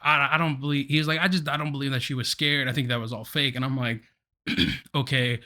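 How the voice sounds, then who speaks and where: A man's voice: mid-range voice, fairly quick. A man co-hosting a podcast, telling a story in casual chat with frequent laughter. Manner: animated, laughs often mid-story. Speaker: podcast co-host.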